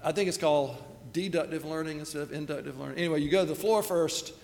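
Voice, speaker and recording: A man's voice: on the high side, fast, gravelly, darkish tone. A middle-aged man telling a self-deprecating story in a sermon. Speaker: pastor. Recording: long hall reverb.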